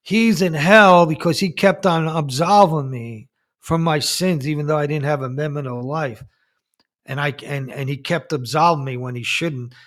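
A man's voice: a little high, fairly bright tone, natural voice. A man voicing a rich adulterous husband, now a damned soul, in a spoken story.

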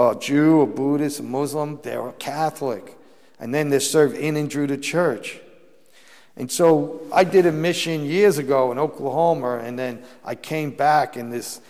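A man's voice: mid-range voice, darkish tone. A male priest preaches in a long-reverberating hall, his voice sitting in a middle register. He tells stories in a sermon style, rising into emphatic bursts and often restarting his phrases. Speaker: Catholic priest preaching a mission.

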